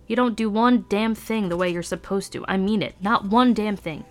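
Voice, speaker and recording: A woman's voice: mid-range voice, brisk, faint music behind, natural voice. Woman voicing a sneering teenage boy. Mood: angry. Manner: sneering, exasperated outbursts. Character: arrogant, irritable teenage boy roommate.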